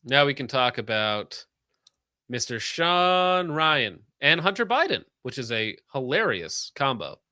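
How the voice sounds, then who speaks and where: Streamer host, male, sarcastic and joking, bright close dry voice. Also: medium pitch, sing-song, dry recording. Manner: sarcastic, joking, quick asides. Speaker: streamer reading donations. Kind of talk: casual livestream chat.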